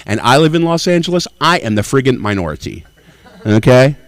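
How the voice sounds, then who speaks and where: A man's voice: medium pitch, expressive, fairly quick. A man in his sixties from Tennessee, doing brash, profane stand-up at an open mic. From Nashville, Tennessee. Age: 60s. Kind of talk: stand-up comedy.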